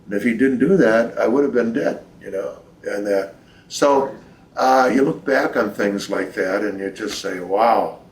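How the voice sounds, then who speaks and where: A man's voice: fairly low pitch, a little slow. An older man, a priest, telling reflective stories in a folksy way during an interview at his home. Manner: reflective, folksy storyteller, quotes people in lively voices. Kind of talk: storytelling in a recorded interview. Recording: roomy, distant from the mic.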